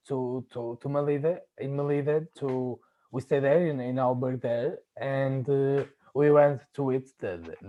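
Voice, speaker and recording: Man, podcast host, halting delivery, frequent restarts, mid-pitched voice. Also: warm tone, highs cut off. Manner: halting, searching for words, many restarts. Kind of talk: casual chat, personal stories.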